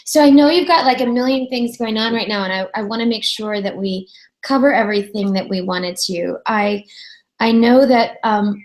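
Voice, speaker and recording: Chatty female show host, slightly high voice, animated storyteller. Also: moderate pace, low-quality recording. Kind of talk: casual interview chat.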